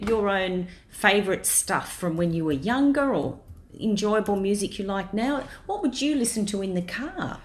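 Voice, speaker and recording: An Australian woman hosting a community radio interview, tossing in playful joking asides. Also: on the low side.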